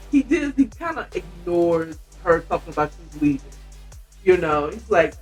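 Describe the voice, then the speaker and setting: With faint music in the background, a woman reviewing a book on her podcast retells its story in a rambling, talkative way full of asides. Her pitch is fairly low, her pace normal, and her tone a little mellow.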